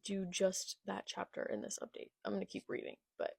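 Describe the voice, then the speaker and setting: A young woman reading a manga aloud and reacting live, excitable, with gasps and whispered asides. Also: medium pitch, fairly quick, gravelly, breathy edge, dry recording, clean studio sound.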